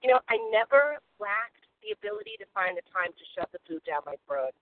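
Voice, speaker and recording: A woman shares reflectively and from the heart, her pitch moving up and down a lot. The sound is narrow like a phone line. A faint hiss sits behind her. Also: sing-song, fairly quick. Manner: reflective, heartfelt, many fillers. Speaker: meeting member sharing. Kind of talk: phone-in recovery meeting share.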